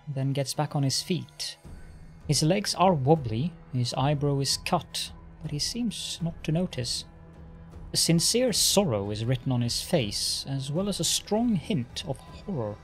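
A man's voice: fairly high pitch, lively intonation, measured pace, soft background music. Man narrating a game's story text. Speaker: let's play narrator. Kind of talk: reading game text aloud.

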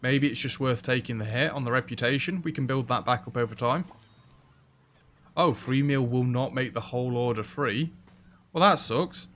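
A man giving casual, chatty commentary as he plays a restaurant sim, reacting loudly to what happens in the game. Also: medium pitch, moderate pace. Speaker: let's play host. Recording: faint background music.

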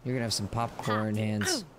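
A man giving excitable let's play commentary, yelling and cooing at the game in playful baby talk. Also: lowish voice, moderate pace, background noise. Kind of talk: gameplay commentary. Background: game music.

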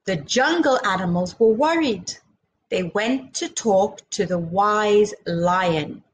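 A woman's voice: mid-range voice, lively intonation, slow, a little hiss or hum, rough recording. A woman reading a children's picture book aloud, acting out sound effects and chatting to young listeners. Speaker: children's storyteller.

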